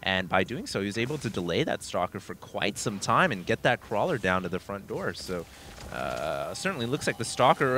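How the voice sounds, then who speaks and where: Man, esports color commentator, bright sharp voice, upbeat, faint background noise. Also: fairly low pitch, very animated, normal speed. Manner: upbeat, jokey, laughs easily. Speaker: esports caster.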